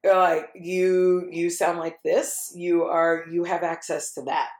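Animated woman from Texas, echoey room. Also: fairly low pitch, slow pace. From Texas, USA. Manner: animated, acts out voices in her stories. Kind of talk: casual chat.

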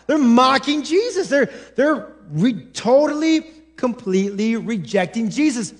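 A male pastor preaching a sermon in church, animated, acting out quoted voices with many restarts. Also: very high-pitched, moderate pace.

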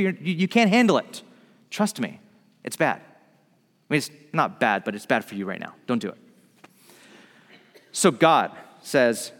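A man with a fairly high voice preaching a sermon in a big echoing hall. He tells the story with lively energy and acts out each quote as he goes. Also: moderate pace, pauses often. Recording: long hall reverb.

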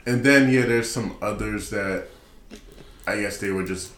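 A man in casual chat who speaks hesitantly, pausing often with ums. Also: fairly low pitch, fairly bright tone, reverberant.

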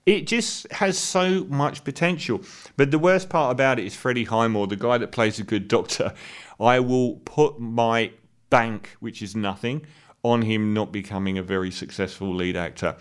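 A man giving a casual, opinionated spoken film review, candid and blunt, pausing on fillers and restarting sentences as he talks. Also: mid-range voice, smooth.

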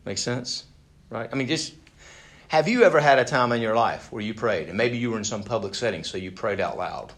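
Speaking a little fast in a fairly bright, mid-range voice, a man leads a Bible study. He teaches the passage conversationally, frequently questioning the group and repeating words when he starts over.

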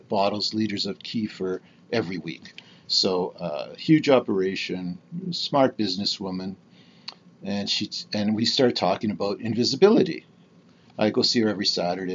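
Almost-60 guy rambling on his podcast, lowish voice, muffled lo-fi sound. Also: a little hiss or hum. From Canada. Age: 50s. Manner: rambling, candid, with many fillers and restarts. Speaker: podcast host. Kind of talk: casual solo podcast monologue.

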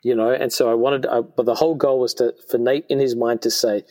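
A man's voice: medium pitch, fairly even intonation, a little fast, few pauses, darkish tone. A man in his forties, a podcast guest, talking in an earnest, heartfelt way. He tells personal stories conversationally, often restarting his sentences. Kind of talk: conversational storytelling. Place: podcast studio.

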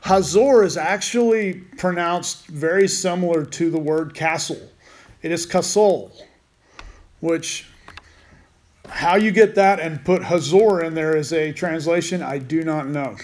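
A man's voice: on the high side, a little slow, a little mellow. A man teaching a Bible study in a casual way, with rambling, joking asides.

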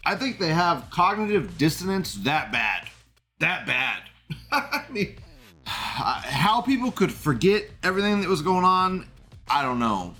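A man's voice: a little high, sing-song, unhurried, bright, forceful tone, faint music behind. A man hosting a live stream, reading chat comments aloud and commenting in a rambling, indignant way, swearing and laughing often.

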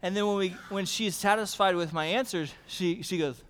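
A middle-aged male pastor preaches during a church service, telling family stories in animated, repetitive phrases that build on one another. His voice sits high at a moderate pace, clean in tone, in a large hall.

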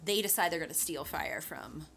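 Young woman co-host, slightly low voice that jumps high when amused, light noise behind her. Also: moderate pace, gravelly. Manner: chatty, laughs easily, goes high when excited. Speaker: podcast co-host. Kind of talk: casual book discussion.

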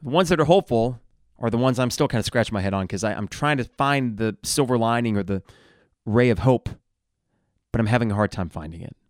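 A middle-aged man hosts a sports podcast, working through a stack of listener comments in a wry, conversational way. His voice sits at an ordinary middle pitch and comes across dry and close, with no room sound around it. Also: animated, a little fast, no room sound. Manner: wry, conversational, reads out comments one after another. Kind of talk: reading listener replies aloud, casual commentary.

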